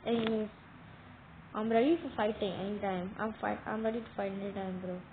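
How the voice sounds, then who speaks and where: A woman giving casual game commentary, talking straight to viewers with excitable, dramatic alarm. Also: medium pitch, a little fast. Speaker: gameplay commentator. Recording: tinny phone-like audio with faint noise.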